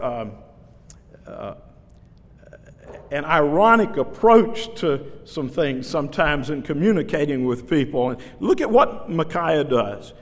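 A male pastor preaching an expository sermon, earnest and dramatic, who acts out the dialogue of scripture. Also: a little high. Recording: long reverb of a large hall.

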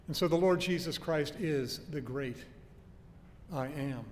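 A man preaching an expository sermon, teaching earnestly with emphatic stresses and homely anecdotes. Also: unhurried. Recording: long hall reverb with faint low rumble.

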